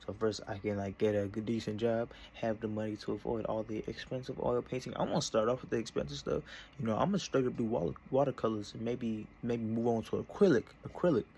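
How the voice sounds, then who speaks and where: Young male vlogger, casual and meandering, average pitch, slight background noise. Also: fast, gravelly. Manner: meandering, self-interrupting, relaxed. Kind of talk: casual rambling vlog. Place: at his desk indoors.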